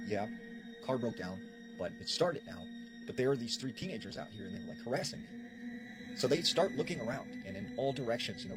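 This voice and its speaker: A man telling a paranormal encounter story, acting out the quoted lines of the people in it. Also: medium pitch. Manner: acts out quoted dialogue while retelling. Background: background music.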